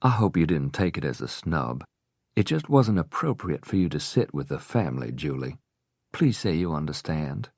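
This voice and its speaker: A man's voice: extremely low pitch, very animated, normal speed, darkish tone, husky, no echo, clean studio sound, exaggerated voice. A man voicing a vain, shallow society wife who talks in a whining voice. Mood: whiny chatter. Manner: whining, self-absorbed chatter.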